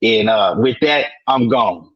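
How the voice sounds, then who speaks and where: Husky man chatting in a barbershop. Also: lowish voice, animated. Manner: halting, lots of fillers and restarts, laughs it off. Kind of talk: casual chat. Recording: dull, muffled recording.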